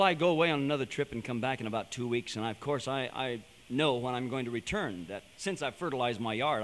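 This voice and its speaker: A man giving an animated, storytelling sermon-style talk to a young audience, building to emphatic points. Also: fairly high pitch. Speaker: speaker addressing a young audience. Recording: long hall reverb.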